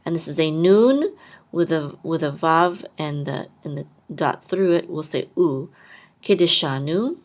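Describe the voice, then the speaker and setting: Low-voiced woman slowly teaching Hebrew letters. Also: darkish tone. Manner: patient, sounds out syllables and repeats words. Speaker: podcast host and Hebrew blessing teacher. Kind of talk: slow step-by-step reading lesson.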